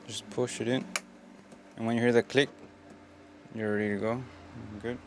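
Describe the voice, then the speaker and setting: A man casually walking through a hands-on how-to, giving plain, unhurried step-by-step instructions. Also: mid-range voice, little pitch movement, a little hiss or hum. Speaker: tutorial presenter.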